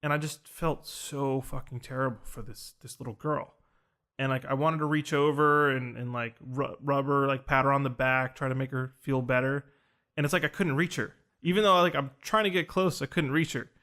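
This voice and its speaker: A man's voice: mid-range voice, fairly even intonation, normal speed, bright, forceful tone. A young man casually telling a personal story on a podcast, earnest and rambling, full of fillers and restarts. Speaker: podcast host recounting a ceremony.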